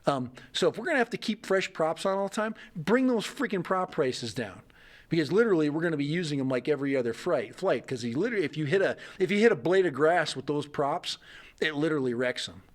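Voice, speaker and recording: A man's voice: a little high, lively intonation, fast talker. A middle-aged man hosting a casual livestream, rambling and joking as he reads out viewer comments. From United States. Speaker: livestream host.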